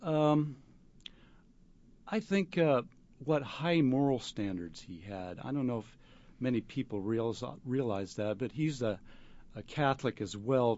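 A man, an actor, answering interview questions in a halting way, with many fillers and restarts. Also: medium pitch, darkish tone. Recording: dull lo-fi radio recording.

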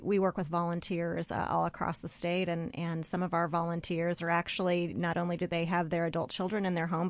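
A woman guest on a radio talk show explains in an earnest way, often restarting her sentences. Her voice sits a little low. The sound is dry and slightly muffled, with no room echo. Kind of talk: radio interview.

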